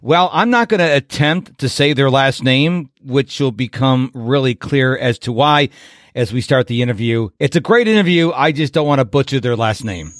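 A man's voice: medium pitch, lively intonation, normal speed, no room sound, clean studio sound. A man from Rochester, New York, hosting an interview show in a chatty, self-deprecating way. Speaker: podcast host. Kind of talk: casual interview chat.

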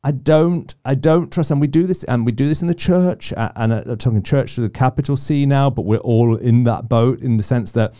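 A man's voice: medium pitch, brisk, hardly any pauses, mellow, smooth. A man co-hosting a casual faith discussion, reflective and often restarting his sentences. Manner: reflective, self-interrupting. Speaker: podcast co-host.

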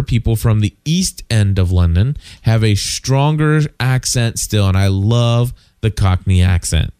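A man with a fairly low, slightly mellow, smooth voice co-hosts a casual podcast, recorded at studio quality with no echo. He reads listener feedback aloud, peppering it with frequent fillers and side comments.

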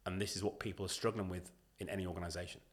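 A man talking as a guest on a podcast interview, emphatic and animated, acting out what other people say as he makes his points. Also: low voice, racing. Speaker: podcast guest, leadership consultant.

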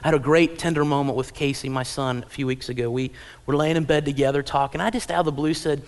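A man in his thirties preaching a sermon in a church, telling family stories and acting out parents and kids in lively little voices. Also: on the high side, fast. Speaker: pastor. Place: church auditorium.

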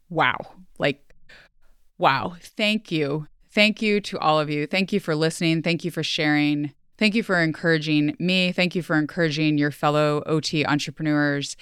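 In a heartfelt solo podcast farewell, a woman host speaks earnestly and emotionally, close to tears, chatting along with lots of fillers. Her voice sits low and is a bit bright, with a clean tone and no room sound.

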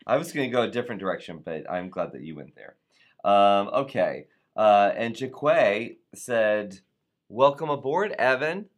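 A man's voice: fairly low pitch, lively intonation, normal speed. A man hosting a live show, reading viewer comments in an upbeat, playful way and sometimes tripping over words. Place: Atlanta area.

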